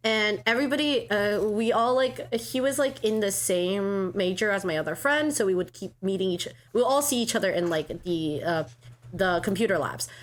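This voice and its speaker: A woman's voice: mid-range voice, normal speed. A woman co-hosting a podcast in casual chat, rambling with many fillers and restarts. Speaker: podcast co-host.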